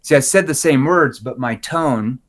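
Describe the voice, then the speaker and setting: A man with a medium-pitched voice, speaking at normal speed, appears as a guest sales trainer in a podcast interview. He explains sales techniques animatedly, acting out sample dialogue in shifting tones to demonstrate them.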